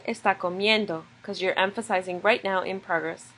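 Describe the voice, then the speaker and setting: A woman's voice: mid-range voice, fairly even intonation, normal speed, a bit bright, poor audio. A woman teaching a recorded video lesson, explaining grammar step by step in a patient way. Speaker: Spanish teacher.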